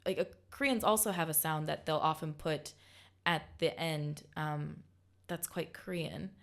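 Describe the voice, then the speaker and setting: A woman's voice: deep voice, steady tone, a little slow, creaky. A young woman chatting on a radio show, talking with many fillers and restarts. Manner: hesitant, lots of fillers and restarts. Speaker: radio panelist. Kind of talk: casual chat.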